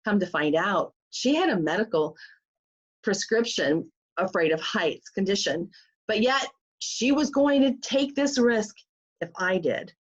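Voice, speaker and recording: Animated woman telling a true story. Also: mid-range voice, unhurried. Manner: animated, acts out quoted voices. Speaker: life coach. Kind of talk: personal storytelling. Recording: slightly muffled recording.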